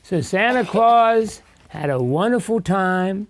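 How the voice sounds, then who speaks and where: An older man with a high-pitched, expressive voice reads slowly to a class of young children. He's a guest reader in an elementary school classroom, going through a picture book chattily and stopping to ask questions and explain.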